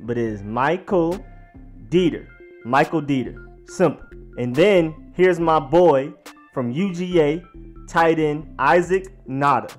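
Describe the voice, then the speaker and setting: A man hosting a sports vlog, casually explaining how to pronounce names, slowly spelling out each one and repeating it. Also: fairly high pitch. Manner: slowly sounds out each name, then repeats it. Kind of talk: pronunciation guide, casual explainer.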